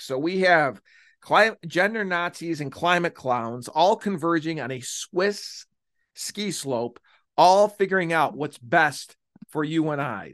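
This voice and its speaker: A man's voice: on the high side, a bit bright, no room sound, clean studio sound. A man hosting a solo political podcast, talking in a mocking, emphatic way and drawing out key phrases. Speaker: podcast host.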